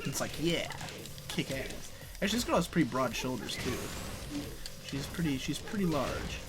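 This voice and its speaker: A man's voice: mid-range voice, expressive, moderate pace, music in the background. Rambling, profane young man gaming. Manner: rambling, profane, laughs often. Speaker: co-host playing a fighting game. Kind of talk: casual chat over gameplay.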